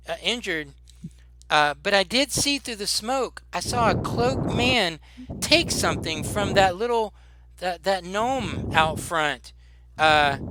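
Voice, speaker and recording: A stammering, fussing older shopkeeper woman from a tabletop game, as a game master puts her on, pitched well up from his own voice. She frets over a child in a worried, kindly way. Steady noise hisses under the recording.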